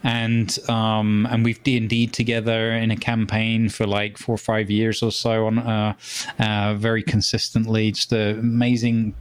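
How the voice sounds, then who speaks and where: A man co-hosting a podcast in casual chat, talking hesitantly with many pauses and restarts. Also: on the low side, monotone, smooth. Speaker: podcast co-host.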